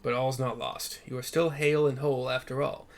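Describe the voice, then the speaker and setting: Man voicing a stiff formal fantasy scholar, attempted Texan drawl, medium-pitched, game dialogue read aloud. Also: level tone, fairly quick, lightly acted. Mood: grave, earnest.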